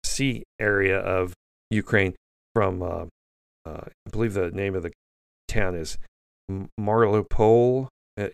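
Man, low gravelly voice, blunt indignant commentary host, lots of restarts, dry close sound. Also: takes it slowly, dry recording. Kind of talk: opinionated news commentary monologue.

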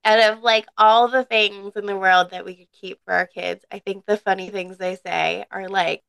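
A woman co-hosts a casual podcast chat in an easygoing, agreeable way. Her voice is smooth and resonant with a gravelly edge of vocal fry. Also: medium pitch, steady tone, moderate pace, fairly bright tone. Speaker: podcast co-host.

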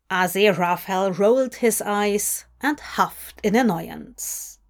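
A woman reading fanfiction aloud as an audiobook, telling the story slowly and deliberately. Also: mid-range voice. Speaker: audiobook reader.

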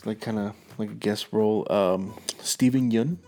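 A man's voice: fairly low pitch, steady tone, normal speed, dark tone. A young man chatting casually as a podcast co-host, rambling, swearing and laughing through his stories. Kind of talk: casual chat.

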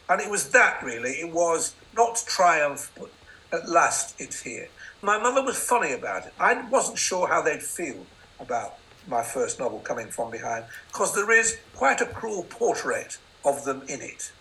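An older novelist, a guest in an interview, tells wry, self-deprecating anecdotes. His voice is a little high with big pitch swings, a moderate pace and a sharp tone, on a rough recording.

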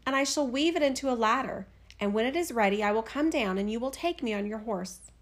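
A woman voicing a gentle young maiden speaking softly in a storybook reading. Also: a little high, expressive, a little fast. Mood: earnest.

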